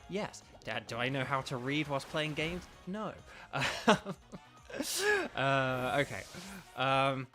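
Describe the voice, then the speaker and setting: A man's voice: medium pitch, bright, forceful tone. A man streaming a video game, chatting casually and rambling as he reads viewer comments aloud. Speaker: streamer and voice actor.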